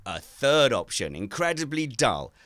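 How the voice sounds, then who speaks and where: A man hosting a casual podcast from his garden shed, self-mocking and animated as he tells stories. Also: mid-range voice, a little slow, no echo. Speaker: podcast host.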